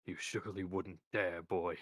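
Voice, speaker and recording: A man voicing a cranky old male wizard servant who talks gruff and defensive, reading a story aloud. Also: low-pitched, steady tone, moderate pace, a bit bright, dry recording. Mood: pleading.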